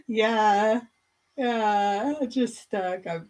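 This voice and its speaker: A woman's voice: on the high side, darkish tone, poor audio. A woman chatting casually with viewers on a live stream, rambling from one thing to the next and laughing often. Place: rural smallholding.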